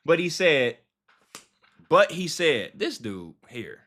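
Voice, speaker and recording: A man leads a casual Bible study, reading verses and then retelling them in loose, slangy street talk. His voice sits high and bright and swings widely in pitch. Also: measured pace. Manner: slangy, animated paraphrasing of scripture.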